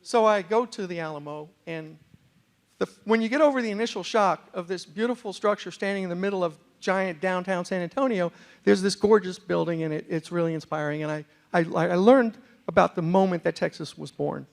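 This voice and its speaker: A middle-aged man from New York City telling a humorous story as a speaker in a university lecture hall, with animated comic delivery and asides to the audience. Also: sits high, brisk, gravelly.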